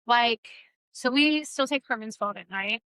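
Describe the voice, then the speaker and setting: Bright-voiced woman, blunt casual chat. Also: on the high side, a little slow, smooth, no room sound, poor audio. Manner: blunt and profane, lively storytelling. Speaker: podcast co-host.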